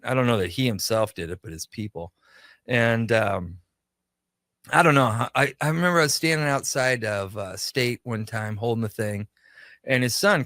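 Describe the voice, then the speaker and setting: Guy rambling through a story on a radio show, acts out the back-and-forth, middle-pitched voice, dead dry mic. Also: a bit bright, no echo. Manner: chatty anecdotal storytelling, acts out quoted dialogue. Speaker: guest, pop culture shop owner.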